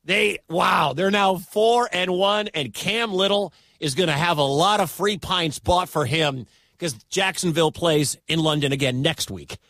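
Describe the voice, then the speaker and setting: Man, radio sports play-by-play, high voice, dry close sound, excitable, shouts at big moments. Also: a little slow, no room sound. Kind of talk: live radio sports commentary.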